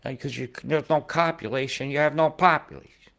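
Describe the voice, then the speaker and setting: A man in his forties giving rambling weather commentary over maps, who swears freely and swings from mumbling asides to loud outbursts. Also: fairly high pitch, brisk, gravelly. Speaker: weather video host.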